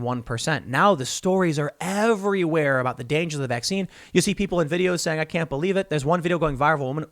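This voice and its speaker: A man's voice: fairly high pitch, dry recording, studio quality. A man hosting a solo political commentary show, arguing his point with examples and often restarting his sentences. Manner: animated, repeats himself, argues by example.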